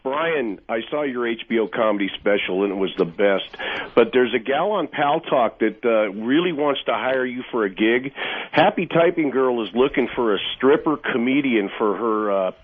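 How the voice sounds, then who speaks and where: A man's voice: medium pitch, expressive, moderate pace. A man calling in to a radio show, joking and teasing. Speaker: caller. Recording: tinny phone line.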